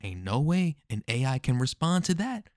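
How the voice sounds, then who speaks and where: A man talking through a story in casual commentary, animated and joking, with rhetorical questions and slangy asides. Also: medium pitch, normal speed, no echo, studio quality. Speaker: commentary host.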